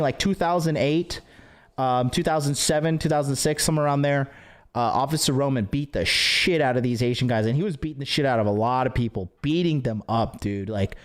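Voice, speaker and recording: A man hosting a livestream who tells stories in a rambling, profane way full of fillers. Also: fairly high pitch. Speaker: dating coach and stream host. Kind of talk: casual livestream rant.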